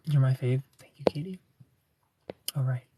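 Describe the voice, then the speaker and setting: A man's voice: mid-range voice, moderate pace, very noisy. A man hosting a casual livestream, greeting viewers and answering their comments in a playful, teasing, flirty way.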